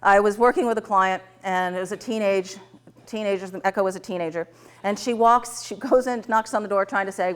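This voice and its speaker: A woman teaching a tapping workshop, telling client stories to a live class, laughing often and acting out the dialogue in lively voices. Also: mid-range voice, a little fast, clean tone.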